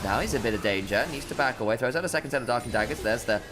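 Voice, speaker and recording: A man doing jokey, animated play-by-play commentary on an esports match. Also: mid-range voice, very fast. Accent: put-on casting accent. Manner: animated, jokey, rising excitedly on big plays. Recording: game music behind the commentary.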